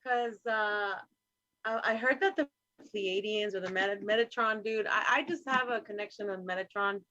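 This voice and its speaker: A woman's voice: mid-range voice, normal speed, sharp tone, dry recording. A woman hosting a live stream, chatting casually with a loose, profane manner and easy laughs. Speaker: host. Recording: dry, dull lo-fi call audio.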